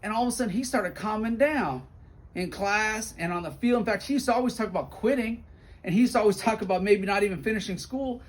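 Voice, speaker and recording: High-voiced man telling school stories. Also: quick pace. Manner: warm, animated storyteller who acts out quotes. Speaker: school principal. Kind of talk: storytelling update video to donors.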